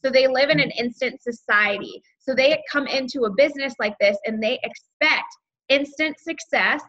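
A woman's voice: high-pitched, normal speed, a bit bright. A woman leading a team sales training over a video call, upbeat and chatty with lots of fillers. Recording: dull lo-fi video call audio.

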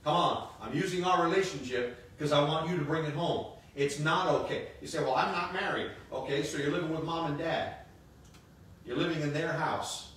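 A man in his fifties serves as pastor, preaching at normal speed in a slightly high, somewhat bright voice. His sermon is emphatic, full of repeated phrases and joking asides. Sound comes from a distant mic in an echoey sanctuary, carrying a faint hiss.

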